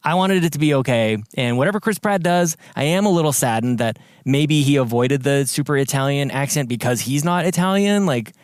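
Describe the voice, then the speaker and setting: A man co-hosting a casual gaming podcast, chatting in an animated way with lots of filler words. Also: medium pitch, brisk, hardly any pauses, clean tone, no room sound, studio quality. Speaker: podcast co-host. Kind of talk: casual chat.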